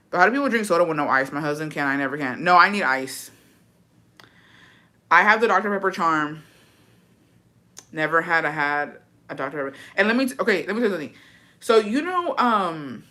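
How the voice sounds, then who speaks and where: A low-pitched woman with a sharp tone, a vlogger chatting casually to her viewers on camera. She's profane and dramatic, slipping Spanish phrases into her English.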